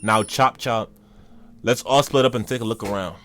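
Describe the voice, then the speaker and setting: A man reading out the lines of wary adult hunters from a comic, in a lower, flat voice. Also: moderate pace, lightly acted. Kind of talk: reading comic dialogue aloud.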